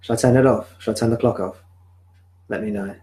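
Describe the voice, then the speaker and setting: Male spiritual teacher, calm and reflective, live-streamed home satsang, close sensitive desk mic. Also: on the low side, rough recording. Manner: calm, reflective, answers viewer questions slowly. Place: home room. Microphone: sensitive desk microphone.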